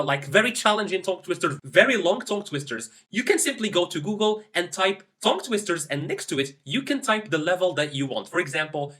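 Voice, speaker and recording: A man's voice: high-pitched, sharp tone. A man teaching English pronunciation to camera, encouraging and demonstrative as he talks learners through exercises. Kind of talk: instructional talk to camera.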